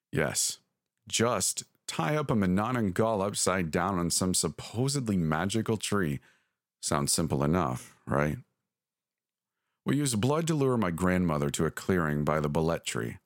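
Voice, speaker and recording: A man narrating a scripted horror story in a measured, deliberate way. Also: sits low, dry recording, clean studio sound. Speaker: podcast narrator.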